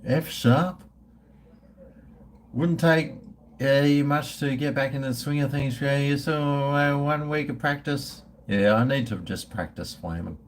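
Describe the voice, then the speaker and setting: A man's voice: mid-range voice, measured pace, slight background noise. A man, chatting casually and profanely with his livestream viewers in a rambling way. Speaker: livestream host.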